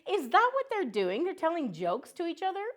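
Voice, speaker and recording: A woman's voice: very high voice, wildly swooping pitch, fairly quick, a bit bright. A woman teacher hosting a children's educational show, talking cheerfully to young viewers. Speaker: teacher and host.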